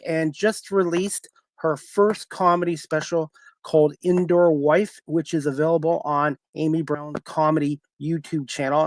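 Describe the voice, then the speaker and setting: A man's voice: high-pitched, dry recording. A man hosting a live-streamed talk show, who asks friendly, rambling, conversational questions.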